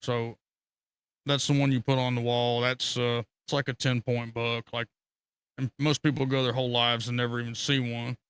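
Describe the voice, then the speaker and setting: A man's voice: mid-range voice, normal speed, smooth, no echo. A man telling rambling, profane fishing stories on a casual live stream. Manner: rambling, profane, animated storytelling with laughter.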